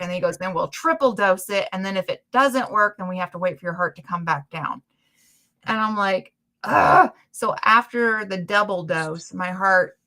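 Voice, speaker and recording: A woman hosting a casual chat stream, telling stories in a chatty, animated way. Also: medium pitch. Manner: chatty storytelling, animated retellings. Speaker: livestream host.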